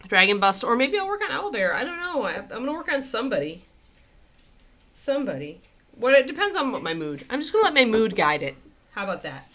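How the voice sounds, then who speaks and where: A woman's voice: very animated, fairly quick, sharp tone. A woman hosting a casual miniature painting livestream, chatting freely with viewers and breaking off to talk to her dog. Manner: chatty, talks to her dog in a high sing-song voice.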